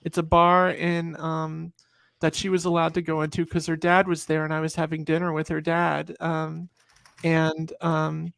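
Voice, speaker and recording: Middle-aged woman, gravelly storyteller, dry close sound, animated and full of restarts. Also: sits low, moderate pace, no room sound. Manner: animated storyteller, acts out quotes, frequent restarts and fillers. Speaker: guest. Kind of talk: casual storytelling on a group call.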